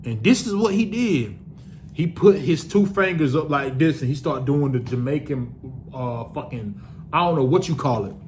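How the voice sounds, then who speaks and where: A man's voice: medium pitch, expressive, normal speed, darkish tone, a little hiss or hum. A young man casually telling a personal story to the camera, loose and profane, with lots of restarts.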